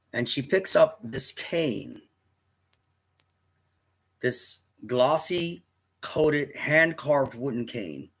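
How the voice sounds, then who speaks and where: A man's voice: mid-range voice, fairly bright tone. A man in his fifties casually telling a personal story to camera, rambling and often restarting his sentences. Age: 50s. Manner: rambling, with frequent restarts and self-corrections.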